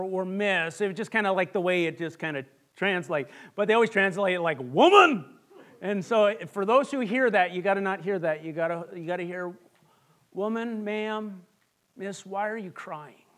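A male pastor with a notably high voice delivers an earnest, conversational sermon. He stumbles through repeated restarts, then falls to a soft, hushed tone for the lines he wants to land.

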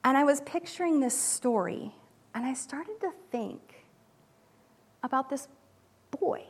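A high-voiced woman gives a casual devotional talk as a mother speaking to a group. She talks in a chatty way, full of fillers and little restarts, and acts out the quotes she tells. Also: expressive, takes it slowly.

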